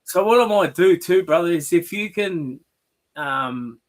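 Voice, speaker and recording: A man's voice: high voice, expressive, a little slow. Man hosting an online yarn. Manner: warm, encouraging, calls guest brother. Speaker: host. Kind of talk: casual chat on an online call. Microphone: video call.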